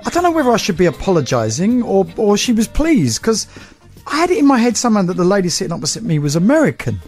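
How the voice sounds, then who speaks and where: A man's voice: fast talker, faint music behind. A man presenting a casual radio interview in a studio, chatty and teasing. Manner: chatty, teasing, animated pitch.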